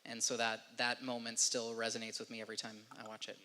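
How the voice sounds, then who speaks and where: A man's voice: mid-range voice, monotone, fast, long reverb tail, heavy background noise. A man on a festival panel stage, speaking earnestly about writing a song for the film. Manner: earnest, heartfelt. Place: theater stage.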